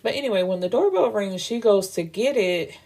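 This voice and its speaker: A woman's voice: mid-range voice, animated, fairly quick, a little mellow. A woman hosting a book show, recapping a novel's plot in a casual, frank and slangy way. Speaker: book reviewer host.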